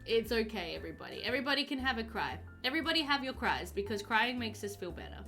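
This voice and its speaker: A young woman on the high side, with big pitch swings and a creaky quality, talks fast while streaming a game over soft background music. She's chatty and warm, giggling a lot as she reads her viewers' chat aloud.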